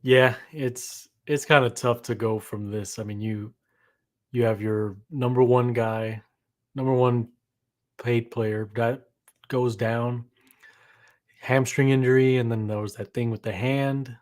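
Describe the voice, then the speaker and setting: A man's voice: medium pitch, steady tone, takes it slowly, a little mellow. Glum, hesitant sports co-host man. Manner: subdued, glum, hesitant with many ums. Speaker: podcast co-host. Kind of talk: casual sports chat.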